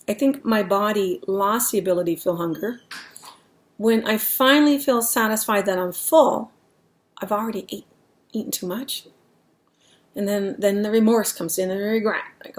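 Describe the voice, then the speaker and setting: A woman's voice: medium pitch, moderate pace. A middle-aged woman talking candidly in a casual vlog at home, rambling and restarting her sentences as she goes. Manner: rambling, candid, self-interrupting. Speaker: vlogger.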